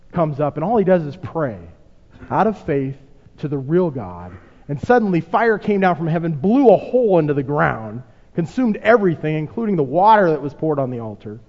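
A man's voice: on the high side, a little mellow. A man preaching a sermon, dramatically acting out quotes and asking the congregation rhetorical questions. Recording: muffled sound with long hall reverb.

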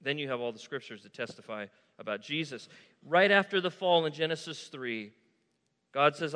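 A man's voice: fairly high pitch, expressive, moderate pace, bright, forceful tone. A man preaching a sermon as pastor, calling out to his congregation to answer back. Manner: preaching with call-and-response to the congregation. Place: church sanctuary. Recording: long reverb of a large hall.

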